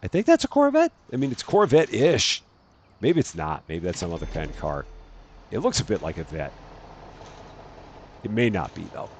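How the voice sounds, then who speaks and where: Low-voiced male let's-play host, animated delivery, casual running commentary, faint noise floor. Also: normal speed, long pauses. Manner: chatty, self-correcting, narrates each task aloud.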